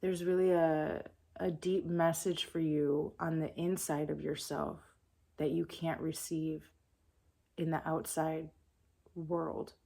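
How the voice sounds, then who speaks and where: Low slow gravelly woman, calm spiritual reader channeling messages. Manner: calm, soft-spoken and meditative.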